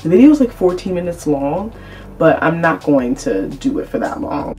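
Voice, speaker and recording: A woman's voice: low-pitched, very animated, normal speed, warm tone. A woman vlogger chatting casually and rambling cheerfully as she introduces her video. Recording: distant mic, faint music.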